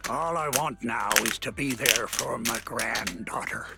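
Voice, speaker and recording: An actor playing a weary, regretful old sea captain in a game, with a gravelly voice and a slow, fatherly way of talking. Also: mid-range voice, lightly acted. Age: older. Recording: game audio with music behind.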